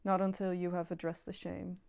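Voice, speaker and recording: A woman's voice: on the low side, little pitch movement, fairly quick, vocal fry, a little mellow, smooth. A young woman talking casually and earnestly to viewers about self-improvement, reassuring and repeating herself, swearing now and then. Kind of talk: casual monologue to camera.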